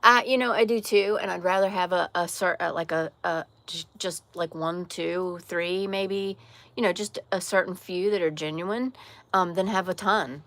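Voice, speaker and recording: A woman's voice: fairly low pitch, moderate pace, fairly bright tone. A woman with a slight Southern accent, hosting a casual livestream from an outdoor porch and talking candidly to viewers' comments, often restarting her sentences. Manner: candid, frank, with frequent restarts and trailing phrases. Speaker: livestream host.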